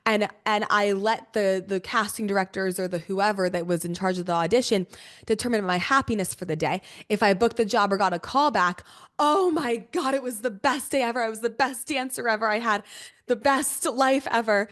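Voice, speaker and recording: A young woman podcast host telling a personal story casually, expressive, laughing often and swearing freely. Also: mid-range voice, brisk.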